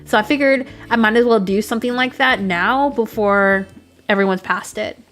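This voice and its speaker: A woman live-streaming a game talks casually and excitedly to her viewers. Her voice sits a little high. Faint music plays underneath her chatter. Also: normal speed.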